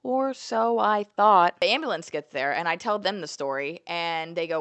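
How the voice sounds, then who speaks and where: A woman's voice: on the low side, lively intonation, moderate pace, hardly any pauses, fairly bright tone, smooth, no room sound. A woman, telling a dramatic fight story in a casual vlog, swearing often and acting out the moments. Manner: profane, dramatic storytelling with acted-out quotes.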